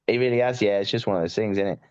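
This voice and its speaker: A man's voice: fairly low pitch, rapid-fire, lo-fi sound, a loud crowd. A man chatting casually as a podcast guest about football, joking and rambling with lots of fillers, while he has covid.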